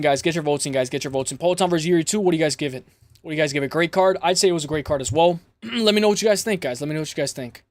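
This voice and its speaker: A young man from Toronto hosting a casual livestream, rambling through chat comments with hype shout-outs and lots of fillers. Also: on the high side, no echo. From Toronto, Canada. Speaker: livestream host.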